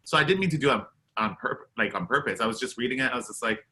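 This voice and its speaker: A man from Canada, a drag performer, chatting in an interview and telling animated stories, acting out quotes and laughing often. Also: medium pitch, quick pace. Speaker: eliminated contestant, drag performer. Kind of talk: casual interview chat.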